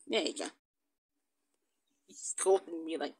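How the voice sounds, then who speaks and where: A woman's voice: deep voice, sing-song, measured pace, pauses often, fairly bright tone. A female host commenting casually on her game, cooing in baby talk and humming to the pets she raises.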